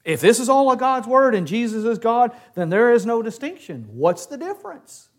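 A man leads a Bible class in a lively, questioning way. His voice sits high for a man and swings widely in pitch. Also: normal speed. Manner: animated, asks the class questions.

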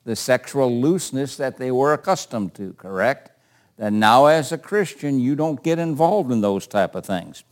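A man's voice: medium pitch, lively intonation, normal speed. An older man teaching a Bible class in a conversational way, asking questions and calling on readers.

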